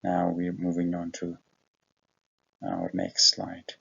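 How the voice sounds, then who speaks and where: A man teaching an English vocabulary lesson, patient and slow, with many fillers and self-corrections. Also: sits low, very animated, vocal fry, bright, forceful tone, husky. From Ethiopia. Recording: dull lo-fi recording.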